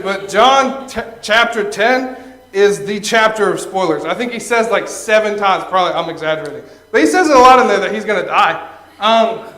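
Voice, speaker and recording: A young man doing Christian stand-up in a loose, chatty way, often chuckling at his own lines and slipping into quick character bits. His voice sits high for a man. The room around him is echoey. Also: a bit bright. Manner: conversational, chuckles at own jokes, acts out characters. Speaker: stand-up comedian.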